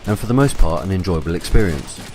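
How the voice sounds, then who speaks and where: A man reading a scripted game review voice-over in a measured, even way. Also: deep voice.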